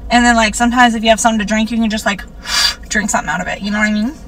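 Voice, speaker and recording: A woman's voice: fairly high pitch, steady tone, rapid-fire, a bit bright, no room sound, distant mic, poor audio. A woman talking casually in a played video clip, full of "like" fillers. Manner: chatty, lots of "like" fillers.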